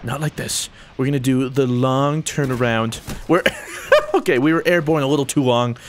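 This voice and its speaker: A young man giving excitable, joking commentary over his own gameplay. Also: medium pitch, moderate pace, noisy background. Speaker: gaming YouTuber.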